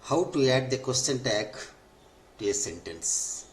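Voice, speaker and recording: A man's voice: mid-range voice, lively intonation, a little slow, slight background noise. A man teaching an English grammar lesson, who repeats each point and spells out the forms step by step. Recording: echoey room.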